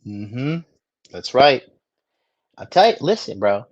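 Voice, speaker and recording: A man's voice: mid-range voice, sing-song, slow pace, dry recording, highs cut off. A man giving crude, mocking commentary on video clips in a swaggering, profane way. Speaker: streamer reacting to clips.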